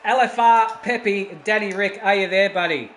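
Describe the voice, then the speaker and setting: Excitable race commentator. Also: male voice, high-pitched, normal speed. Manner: excitable, shouting at the action. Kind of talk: live stream race commentary. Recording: roomy with faint noise.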